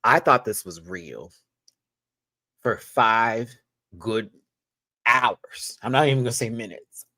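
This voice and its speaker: A young man talks through a reality show review in a loose, chatty way. His voice is bright and clear, and he often jumps up into high exclamations. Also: slow pace, long pauses. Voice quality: expressive, animated, swings into high exclamations. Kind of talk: casual commentary.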